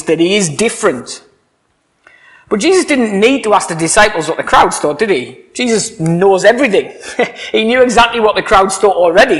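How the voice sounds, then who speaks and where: A man's voice: sits high, a bit bright. A man preaching a sermon, earnest and emphatic, often putting rhetorical questions to his listeners.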